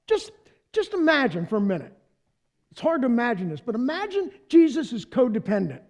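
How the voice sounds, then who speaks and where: A male pastor preaching a sermon with a very high-pitched voice. He is animated and playful, and he speaks directly to the congregation, inviting them to join in. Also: brisk.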